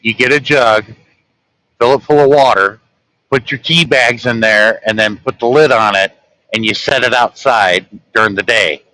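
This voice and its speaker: A man with a Southern American accent chatting casually and telling folksy, relaxed stories. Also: mid-range voice, moderate pace, dry recording, poor audio. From southern United States. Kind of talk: casual chat.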